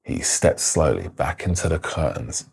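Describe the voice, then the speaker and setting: A man, telling a personal story in a loose, slangy, animated way. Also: extremely low pitch, measured pace, gravelly, slightly rough. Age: 30s. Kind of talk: casual spoken storytelling.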